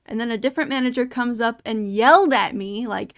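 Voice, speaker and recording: A woman's voice: on the high side, normal speed, no echo, studio quality. A young woman hosting a podcast, telling a story in a casual, chatty way with lots of filler words. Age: young adult. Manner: chatty, animated retelling with many "like" fillers. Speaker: podcast host.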